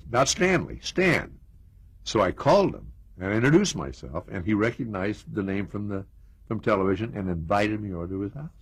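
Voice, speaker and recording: A man's voice: fairly low pitch, very animated, normal speed, husky, no echo. An older American man reminiscing in an interview, telling stories with chuckles and asides. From United States. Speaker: interview guest.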